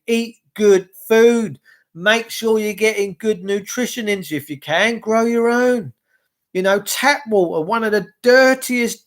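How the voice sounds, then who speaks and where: An English man hosts a livestream, ranting in a rambling monologue and answering viewer comments aloud. His voice is high-pitched and a bit bright.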